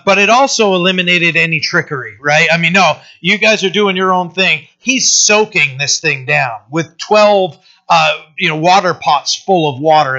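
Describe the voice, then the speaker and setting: A man with a fairly high, bright voice preaches in a loose, conversational way, often stumbling back over his words and tagging lines with "right?". The recording is dull and lo-fi. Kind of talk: conversational sermon.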